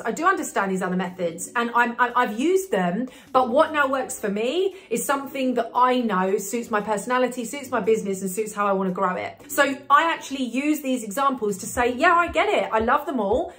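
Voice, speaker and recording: A woman's voice: on the high side, fairly bright tone. A woman business coach giving marketing advice to camera in a chatty, upbeat way, with frequent fillers and restarts. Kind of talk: talking-head marketing advice video.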